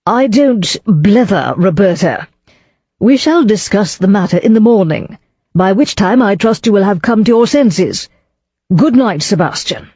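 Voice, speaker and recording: A woman's voice: mid-range voice, animated, unhurried, dark tone, husky, dry recording, muffled recording, voice pushed up. Haughty older aristocratic lady, read by a woman. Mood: scornful. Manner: haughty, scornful.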